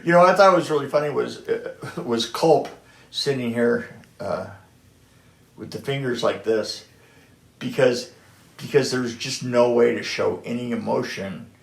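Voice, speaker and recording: A man's voice: medium pitch, moderate pace, creaky. A middle-aged or older man, a production designer telling stories in a casual chat, restarting often and acting out what others said. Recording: echoey room.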